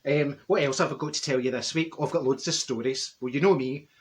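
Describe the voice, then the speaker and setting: A man doing a gossipy middle-aged Glasgow woman with a broad Glaswegian Scottish accent, talking straight to a camera set up nearby. She rambles from one story to the next, drops in asides and loses her own thread. The voice sits at a middling pitch, neither high nor low. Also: quick pace, close to an everyday voice. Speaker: comedy character. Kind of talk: comic character monologue to camera.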